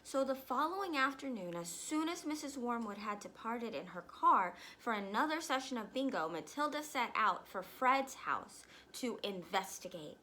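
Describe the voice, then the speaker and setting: A woman reading a children's storybook aloud, pausing to explain words for young listeners. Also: fairly high pitch, very animated, sharp tone, rough recording. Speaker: reader.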